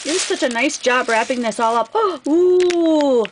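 Female craft vlogger, higher voice, effusive casual unboxing chat. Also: fast talker, background noise. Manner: gushing, effusive.

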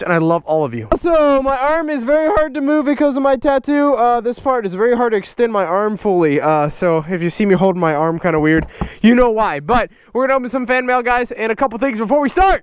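Goofy American male vlogger, very high voice, smooth, close dry mic, chatty fan-mail host. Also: fast, dry recording. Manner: goofy, jumps into silly sung and high squeaky bits. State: out of breath. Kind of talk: casual vlog chat.

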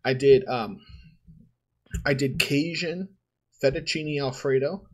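A husky-voiced man hosts a podcast in a loose, rambling way. He fills his stories with slang and laughs as he goes. His pitch sits in an ordinary middle range. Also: slow pace, a little mellow. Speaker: podcast host. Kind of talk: casual chat.

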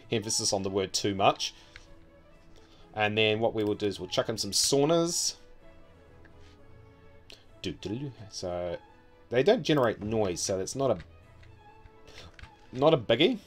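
A man's voice: lowish voice, lively intonation, measured pace, long pauses, soft background music. A man with a New Zealand accent giving casual, offhand commentary as he builds a city in a game, muttering wryly to himself.

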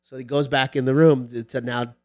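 A man's voice: a little fast, dry recording, clean studio sound. A man telling a funny story in a casual chat, acting out quoted dialogue. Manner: animated storyteller, acts out quoted dialogue with rising pitch. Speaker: sports lawyer podcast guest.

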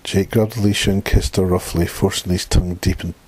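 Husky low-voiced man reading a story. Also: little pitch movement, a little fast, darkish tone. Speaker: narrator. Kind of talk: reading a dark short story aloud.

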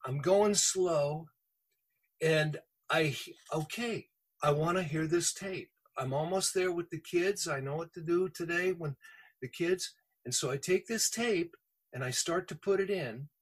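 A man with a high, breathy-edged voice tells a heartfelt personal testimony. He is an earnest podcast guest who speaks at an unhurried, drawn-out pace. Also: poor audio.

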